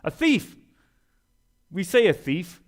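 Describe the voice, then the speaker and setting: A man's voice: high voice, very animated, slow. A young man preaching a sermon in a folksy, self-deprecating way, rising to emphatic peaks.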